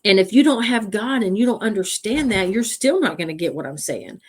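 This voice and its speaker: A woman's voice: mid-range voice, expressive, fairly quick, few pauses. A woman co-hosting a faith podcast, talking earnestly and stacking repeated phrases for emphasis. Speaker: podcast co-host. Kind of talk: faith-based podcast talk.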